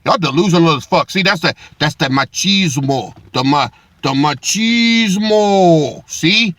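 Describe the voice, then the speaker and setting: A man's voice: a little high, lively intonation, a little slow, a bit bright, no room sound. A man giving profane reaction commentary in a mocking way, often repeating "dog". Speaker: online commentator.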